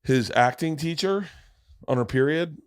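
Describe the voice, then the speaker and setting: A middle-aged man hosting a podcast, telling a long story in a casual, profane way and swinging from loud to hushed. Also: fairly high pitch, measured pace, clear, resonant tone, dry recording, clean studio sound. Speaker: podcast host.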